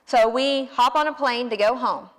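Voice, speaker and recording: Southern woman, late twenties, folksy animated storyteller, somewhat high voice, long hall reverb. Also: normal speed. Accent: Southern American. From American South. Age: 20s. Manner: folksy, animated, self-deprecating. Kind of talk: personal story told to an audience.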